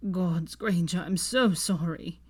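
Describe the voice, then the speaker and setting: A confused, panicked young man, hoarse and sobbing, who stutters through his words, as a woman puts him on. He sounds desperate and frightened. This is a storybook reading. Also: lowish voice, takes it slowly. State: panicked, crying.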